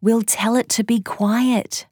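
Practical young schoolgirl, a woman voicing her. Brisk, higher voice. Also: fairly even intonation, a little mellow, slightly rough, dry recording, clean studio sound. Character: schoolgirl twin, practical and bright.

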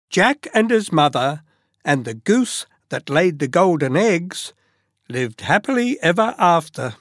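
A storyteller reading a children's tale aloud, slow and expressive with dramatic pauses. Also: medium pitch, dry recording, clean studio sound.

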